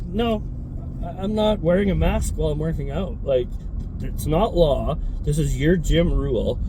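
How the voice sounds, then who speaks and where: A man who owns a fitness studio, telling a heated, profane story in a casual, animated way. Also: mid-range voice, background noise.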